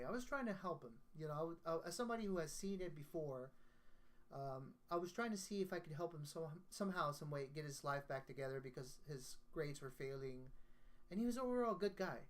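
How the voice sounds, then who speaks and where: A man, a guest songwriter, telling a personal story in casual conversation, earnest and emotional, often restarting his sentences. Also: high-pitched.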